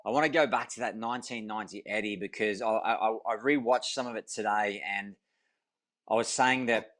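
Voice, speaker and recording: A man's voice: fairly low pitch, a little fast, fairly bright tone. A man hosting a podcast, asking long, rambling questions in a casual interview. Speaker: podcast host.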